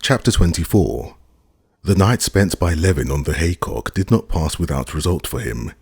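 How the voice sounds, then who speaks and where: Deep raspy guy reading a classic novel audiobook, gravelly, dry close mic. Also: sing-song, moderate pace, dry recording. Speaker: audiobook narrator. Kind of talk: scripted narration.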